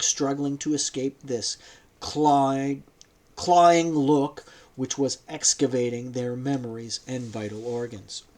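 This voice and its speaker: A man narrating a novel as an audiobook, in a measured storytelling manner. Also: medium pitch, a little mellow. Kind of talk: audiobook reading.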